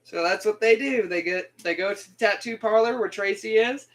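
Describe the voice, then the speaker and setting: A man's voice: high-pitched, moderate pace, fairly bright tone, low-quality recording. A young man hosting a casual gaming video, rambling animatedly and laughing often as he sums up a mission. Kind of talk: casual game commentary.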